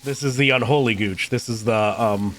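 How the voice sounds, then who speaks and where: A man's voice: medium pitch, normal speed, a bit bright, a little hiss or hum. A young man streaming a game, joking and stammering in casual chat. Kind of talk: casual let's-play chat.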